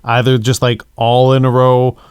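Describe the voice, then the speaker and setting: A man's voice: medium pitch, completely flat delivery, normal speed, a little mellow, clear, resonant tone, no echo, clean studio sound. A man co-hosting a podcast, casually sharing his thoughts on films and agreeing with his co-host. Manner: thoughtful, agreeable, builds on the other host's points. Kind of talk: casual movie discussion.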